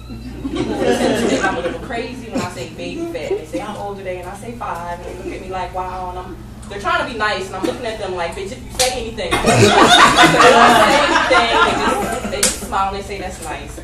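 A woman in her thirties performing a profane stand-up comedy set, getting loud and shouty at the punchlines. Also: medium pitch, animated, a little fast, a loud crowd. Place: comedy club stage with a live audience. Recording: echoey room, from far off, audience noise.

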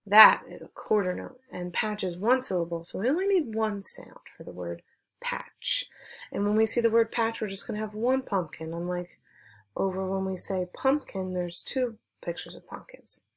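A woman music teacher giving an online lesson for children, speaking clearly and encouragingly as she leads call-and-response chants. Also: medium pitch, normal speed, a bit bright.

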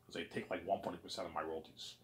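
A man's voice: deep voice, level tone, fast, a bit bright, a little hiss or hum. A man in a casual monologue who rambles and uses lots of "like" and "man" and some swearing. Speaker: channel host.

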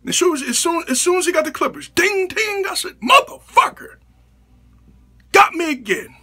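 Male comic vlogger with a very high, sharp-edged voice, ranting in exasperation, loud and profane. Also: lively intonation, brisk. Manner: profane, exasperated, bursts into shouts. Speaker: comedy vlogger. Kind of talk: comedic rant to camera.

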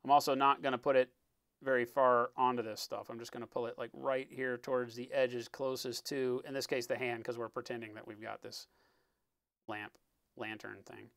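A man talking through a live-stream painting tutorial in a relaxed, explanatory way, often checking in with "right?" and sometimes muttering as he works. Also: medium pitch, moderate pace, vocal fry, no room sound. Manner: muttering while working. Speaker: miniature painting instructor.

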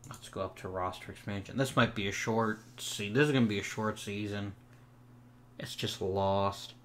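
Low-voiced sarcastic young man narrating gameplay. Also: fairly even intonation, normal speed, a bit bright, slight background noise. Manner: sarcastic, snapping back at the game's players. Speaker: gaming channel host. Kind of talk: let's play commentary.

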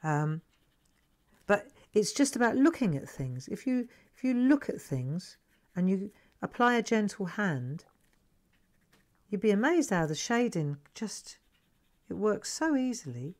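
A middle-aged woman hosting a live craft lesson, chatting gently and coaxing viewers to relax as she demonstrates. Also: mid-range voice, very animated, a little slow.

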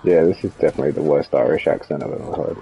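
A man's voice: extremely low pitch, fairly even intonation, quick pace, gravelly, dull audio, soft background music. A man streaming a co-op shooter, giving casual, sardonic commentary and swearing freely at the game. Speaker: streamer playing in co-op. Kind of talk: casual gameplay commentary with party chat.

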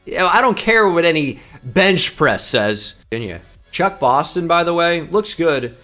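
A man's voice: a little high, animated, moderate pace, pushed and bright, faint music behind. A young man giving rambling, joking, self-mocking commentary while playing a football video game. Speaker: gaming YouTuber. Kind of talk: casual gameplay commentary.

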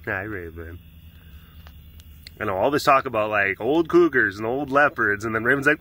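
A man's voice: fairly low pitch, lively intonation, moderate pace, long pauses, bright, forceful tone, slight background noise. A man keeping big cats, chatting casually and playfully scolding the animals in mock-serious tones, outdoors at an animal facility. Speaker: big cat keeper. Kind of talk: casual vlog.

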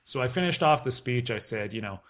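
A man's voice: medium pitch, brisk. A man in his thirties from Canada, a podcast guest telling a long anecdote and acting out the people in it. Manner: animated storyteller who acts out quoted voices and laughs often.

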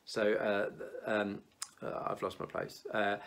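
A man's voice: on the low side, takes it slowly, gravelly. Earnest man giving a youth talk. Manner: lively storytelling, dropping to quiet and earnest; stumbling restarts and fillers. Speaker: church youth leader.

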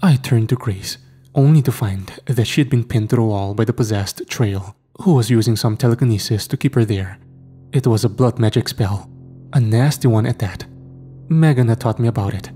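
A man narrating a first-person horror story in a steady, grim storytelling voice. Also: on the low side.

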